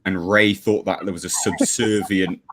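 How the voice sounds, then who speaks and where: A man's voice: sits low, fairly even intonation, moderate pace, a bit bright. A man giving blunt, sweary, sarcastic livestream commentary as a regular panelist.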